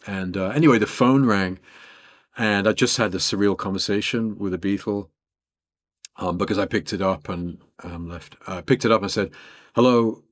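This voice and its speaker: An English man in his fifties, a guest guitarist telling stories in an interview in a chatty, animated way, full of "you know" and "like". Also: low-pitched, normal speed, dry recording, studio quality. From England. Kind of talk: casual storytelling in an interview.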